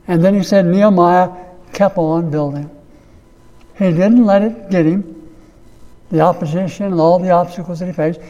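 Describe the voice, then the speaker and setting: A pastor delivering a sermon, preaching slowly and emphatically, repeating key phrases. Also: male voice, high-pitched, mellow, in a large hall, dull audio.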